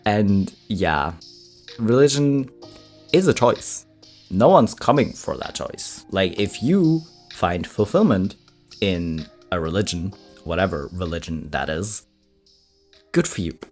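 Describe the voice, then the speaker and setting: A host giving casual commentary on reaction clips, rambling with many filler words. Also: male voice, deep voice, lively intonation, slow pace, a little mellow, soft background music.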